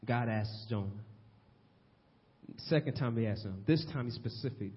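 A man preaching a sermon in a church, swinging between loud and hushed delivery. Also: mid-range voice, normal speed. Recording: long hall reverb, dull lo-fi sound.

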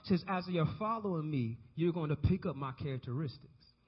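A man's voice: on the high side, animated, brisk, husky. A man preaching a sermon to a congregation, calling on the listeners to answer back and repeat after him. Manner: call-and-response preaching, asks congregation to repeat. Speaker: pastor. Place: church sanctuary. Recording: dull recording with long hall reverb.

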